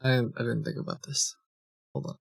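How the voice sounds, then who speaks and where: A man's voice: mid-range voice, steady tone, normal speed, vocal fry, slightly rough, no echo, clean studio sound. A man streaming live, chatting casually and reading chat logs aloud with many ums and restarts.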